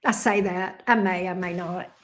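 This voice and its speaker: A woman's voice: fairly low pitch, fairly even intonation, normal speed. A Southern woman from Alabama hosting a live stream, chatting casually and rambling as she reacts to viewer comments. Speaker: tarot reader and live stream host.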